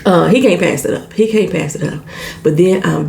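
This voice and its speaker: A woman's voice: low-pitched, very animated, quick pace, vocal fry, a little mellow, slight background noise. A woman recapping a TV show in a casual, salty vlog, swearing freely and acting out the characters' lines.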